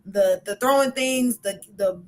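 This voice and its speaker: A woman's voice: medium pitch, measured pace, a little mellow. Chatty young woman podcast host. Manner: chatty, laughs often, lots of "like" fillers. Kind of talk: casual podcast chat.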